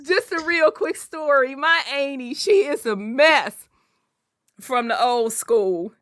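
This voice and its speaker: A woman's voice: high voice, slow pace, dry recording. A woman hosting a casual talk show, telling stories with lots of laughter and swearing, then reading news aloud. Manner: animated storyteller, laughs often, swears casually. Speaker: podcast host.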